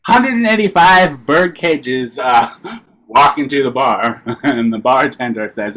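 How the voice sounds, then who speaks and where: A man telling improvised punchline jokes over a video call, jumping higher for quoted characters. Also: big pitch swings, measured pace, a bit bright. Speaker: improv performer.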